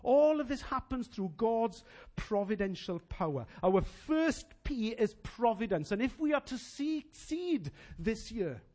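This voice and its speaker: A man preaching a sermon as pastor, animated and emphatic, telling personal anecdotes. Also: very high-pitched, measured pace, few pauses.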